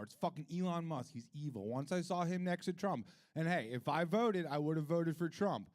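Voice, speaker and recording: A middle-aged male comedian works through a loose stand-up set at a live comedy club. He swears freely and wanders between topics. His voice jumps from loud, high rants down to low, quiet mutters. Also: a little fast, clear, resonant tone. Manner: profane, rambling, swings from loud rants to mutters.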